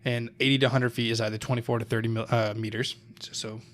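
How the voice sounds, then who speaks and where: A man's voice: medium pitch, little pitch movement, fast, fairly bright tone. Young man telling a story, swearing casually. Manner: loose, swears often, laughs, loses his thread. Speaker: podcast co-host telling the story. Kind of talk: casual chat.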